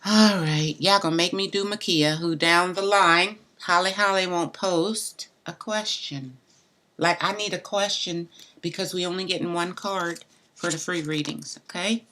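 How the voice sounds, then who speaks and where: A woman's voice: fairly low pitch, steady tone, a little slow, bright, forceful tone. Chatty woman doing live tarot readings. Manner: chatty, talks straight to viewers; loose and blunt, mild cussing. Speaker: tarot reader.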